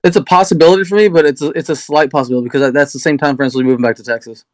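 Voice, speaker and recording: A man on a podcast panel telling a story in casual chat, with rapid and profane delivery. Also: a little high, fairly even intonation, dry recording.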